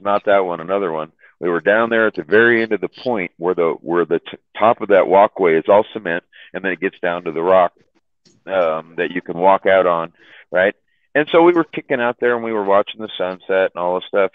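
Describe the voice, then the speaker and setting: A man's voice: low voice, fairly quick, no room sound. A man casually telling a rambling, profane story to friends on a call, repeating his words and laughing at his own tales. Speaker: chat room host telling stories. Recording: tinny phone-line sound.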